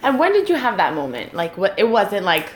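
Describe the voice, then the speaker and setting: A woman's voice: mid-range voice, wildly swooping pitch, a little fast. A woman hosting a casual interview, reacting expressively and asking questions. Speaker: host. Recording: echoey room with faint background noise.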